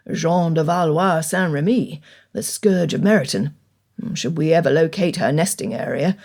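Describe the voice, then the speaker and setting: A woman reading an audiobook, voicing a stern older male country gentleman with dry, cutting wit and measured speech. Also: fairly high pitch. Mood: wry.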